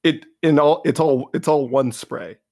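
A man with a gravelly edge to his mid-pitched voice, co-hosting a podcast in loose, joking banter. He rambles and laughs through his stories. The sound is close and dry. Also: measured pace, a little mellow, dry recording. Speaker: podcast co-host. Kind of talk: casual chat.

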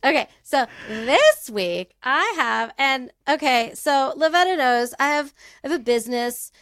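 A fairly high-voiced young woman chats on a podcast, telling a story with frequent giggles and self-deprecating asides. The sound is dry and close to the mic. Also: sing-song, measured pace, a bit bright, no echo. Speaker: podcast co-host. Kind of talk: casual chat, storytelling.

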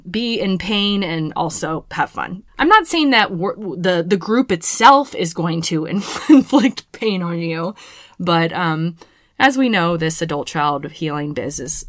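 A woman's voice: lowish voice, fairly bright tone, dry recording, studio quality. A woman hosting her own podcast, casual and playful, with frequent swearing. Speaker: podcast host. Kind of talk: solo podcast intro.

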